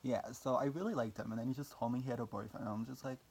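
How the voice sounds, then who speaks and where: A man's voice: medium pitch, steady tone, very fast, darkish tone, husky. A young man telling a personal story in a casual vlog, rambling with lots of fillers, swearing casually and making fun of himself. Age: young adult. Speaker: vlogger.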